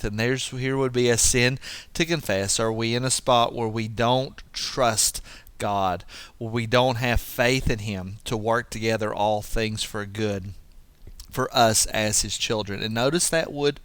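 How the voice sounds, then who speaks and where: A man teaches scripture with earnest energy, acting out the quoted lines with a rising voice. His pitch sits in a middling register. The sound is dry and close, with no room echo. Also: unhurried, a bit bright, clear, resonant tone. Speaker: preacher. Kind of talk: devotional Bible teaching.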